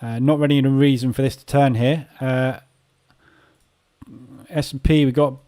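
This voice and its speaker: A man's voice: mid-range voice, fairly even intonation, normal speed, warm tone. A man hosting a live trading room, giving casual market commentary and thinking aloud as he watches the charts.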